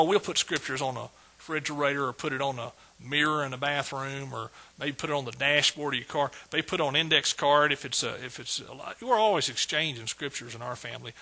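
A middle-aged man preaches with exuberant energy, repeating his points and calling out praise. His voice is bright and forceful, with a husky edge, and sits a little high for a man. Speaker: pastor. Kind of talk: sermon.

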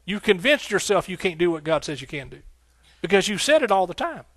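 Fervent preacher with a higher voice. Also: male voice, big pitch swings, a little fast, no echo. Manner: fervent and rhythmic, with repeated phrases and shouts of hallelujah; folksy, talking directly to the congregation. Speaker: pastor. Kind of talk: sermon.

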